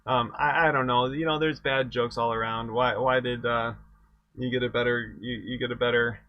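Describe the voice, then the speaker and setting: A man running a casual exam review session as instructor, easygoing and halting, often repeating words as he thinks aloud. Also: mid-range voice, fairly even intonation, no echo, lo-fi sound. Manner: easygoing, self-deprecating. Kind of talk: casual live-stream lecture.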